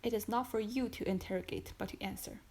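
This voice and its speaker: A woman's voice: medium pitch, quick pace, vocal fry, lightly acted, low-quality recording. A woman reading a cold, contemptuous male magistrate. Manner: calm, contemptuous and relentless. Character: cold, stern male magistrate accusing his wife. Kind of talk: audiobook reading.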